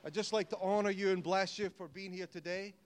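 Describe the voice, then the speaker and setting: Animated Scottish preacher. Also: male voice, high-pitched, a little fast. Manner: animated, jokey, rising to loud exhortation. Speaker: pastor. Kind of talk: sermon. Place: church hall.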